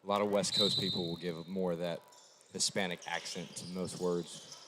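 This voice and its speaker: Man, low voice, casual offhand talk, echoey gym, noisy background. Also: little pitch movement, moderate pace. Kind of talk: casual chat on a broadcast. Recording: distant mic in an echoey gym with noise.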